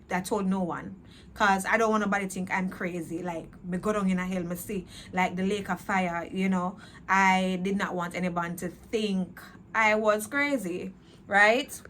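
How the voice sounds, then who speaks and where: With slight background noise, a woman of medium pitch and a somewhat bright tone gives her faith testimony. She retells it earnestly and emotionally, repeating herself and drifting into patois.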